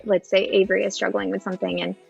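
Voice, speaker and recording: Gravelly-voiced mom chatting on a podcast. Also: female voice, medium pitch, little pitch movement, quick pace, muffled recording, soft background music. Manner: thoughtful, many fillers and restarts. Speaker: podcast guest. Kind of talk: casual podcast chat.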